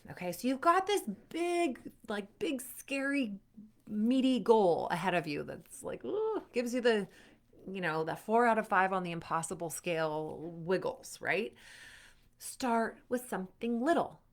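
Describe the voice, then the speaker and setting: A woman performance coach talks athletes through facing their fears. Her delivery is upbeat and conversational, and she speaks straight to the viewer. She brings their inner voices to life by acting them out with lively emotion. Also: medium pitch, measured pace. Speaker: sport psychology performance coach. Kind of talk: motivational coaching talk to camera.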